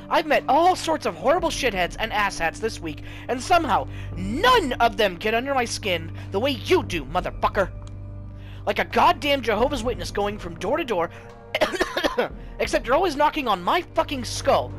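A sharp-tongued young vampire woman, as a player puts her on fires off profane, sarcastic lines. The pitch jumps around animatedly. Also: natural voice. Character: young vampire woman, cynical and short-tempered. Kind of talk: voicing game dialogue.

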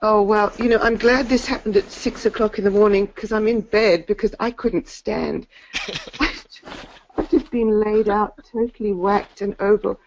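A woman calling into a webinar from bed, giving an effusive, halting testimony of thanks. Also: mid-range voice, steady tone, a little hiss or hum. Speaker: webinar caller. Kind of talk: emotional testimony on a call. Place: in bed at home. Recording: muffled lo-fi call audio.

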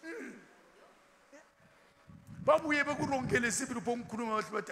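His voice sits high and sounds sing-song, bright, and forceful at a moderate pace as he preaches a sermon in the role of bishop. Asking the congregation rhetorical questions call-and-response style, he tells funny stories and laughs often. The sound has long hall reverb and faint background noise.

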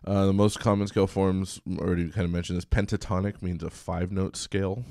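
A man giving a recorded college music lecture in a relaxed, chatty way, singing short examples. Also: low-pitched, a little fast, dry recording, studio quality.

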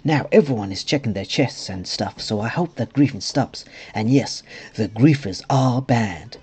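A man's voice: mid-range voice, animated, moderate pace, a little mellow, breathy edge. A man putting on a silly foreign-sounding voice for an eager young male game server owner. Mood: eager welcoming.

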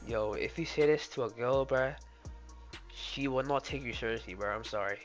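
A young man streaming live and reacting loudly, laughing and often saying "oh my days" and "bro". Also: mid-range voice, normal speed. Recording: dull lo-fi sound with faint music. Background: faint background music.

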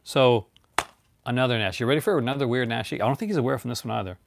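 A man's voice: medium pitch, very fast, vocal fry, a little hiss or hum. A man hosting a casual, rambling chat about his movie collection, laughing often.

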